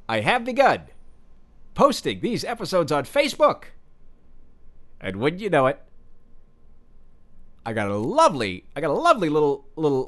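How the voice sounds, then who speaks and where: A man delivers a rambling podcast comedy monologue as a pompous acting coach. He stumbles and restarts constantly, drifting into absurd tangents. His fairly high voice leaps wildly up and down. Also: fairly bright tone. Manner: halting, stumbling over words with many fillers; absurd, self-important non sequiturs.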